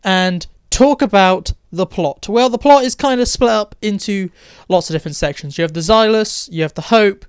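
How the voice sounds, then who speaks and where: Blunt, high-voiced reviewer. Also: male voice, normal speed, clear, resonant tone, no echo, clean studio sound. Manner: blunt, opinionated and sarcastic. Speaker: TV show reviewer. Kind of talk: casual video review.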